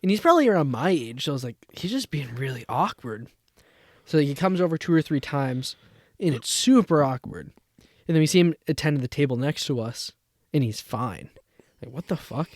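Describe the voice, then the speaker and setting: A young man with a higher voice co-hosts a podcast, talking a little fast as he recounts a story and plays out what people said, dropping casual swears. The sound is clean studio audio with no room sound.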